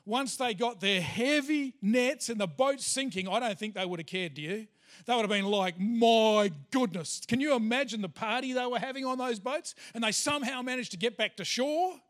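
High-voiced pastor preaching. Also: male voice, a little fast, fairly bright tone. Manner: chatty storytelling, many fillers. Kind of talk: sermon with personal story.

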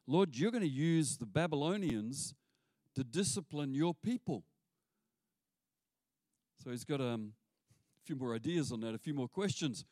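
A man preaching a sermon as pastor, animated and acting out the voices he quotes. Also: fairly high pitch, normal speed, dry recording.

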